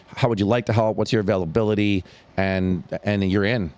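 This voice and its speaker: A man with a low voice talks in a casual podcast interview. He is eager and keen, and he speaks in quick bursts, often saying 'like' and 'you know'. The sound is dry and close, with no room echo. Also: fairly even intonation, a little mellow. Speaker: charity founder and music teacher, guest.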